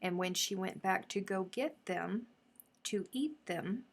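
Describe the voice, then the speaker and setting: A woman hosting a casual live craft stream, chatting effusively and dropping now and then into soft murmurs. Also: medium pitch, animated, slow pace, gravelly. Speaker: crochet livestream host.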